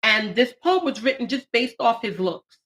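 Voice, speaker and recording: A woman in her late forties hosting a live stream, talking warmly and emotionally about her poetry book and the people she dedicated it to. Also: a little high, normal speed. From United States. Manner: heartfelt, emotional, animated bursts. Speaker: channel host and poet.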